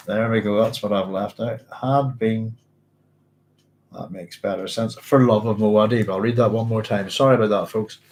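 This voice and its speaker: A man's voice: lowish voice, steady tone, moderate pace, a little mellow, poor audio. A man, hosting a book club, reads passages aloud and stops often to check his notes and apologise in a chatty way. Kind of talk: reading aloud with casual commentary.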